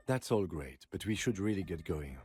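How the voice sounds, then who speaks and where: A sober, deadpan partner, as a man puts him on in a low, dark voice. His delivery is dry and flat in tone, with faint music in the background. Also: moderate pace.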